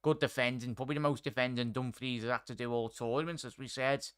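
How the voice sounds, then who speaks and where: A man's voice: mid-range voice, steady tone, quick pace, clean tone. A man hosting a live football watchalong, chatting with viewers as he calls the play. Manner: chatty, addresses chat and viewers by name. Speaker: watchalong host.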